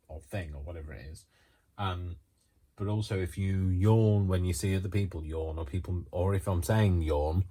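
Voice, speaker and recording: A man's voice: low-pitched, darkish tone, slightly rough. A man chatting casually to the camera while he crafts, rambling and hesitant with lots of ums and restarts, and yawning now and then. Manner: yawns often while talking. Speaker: craft vlogger.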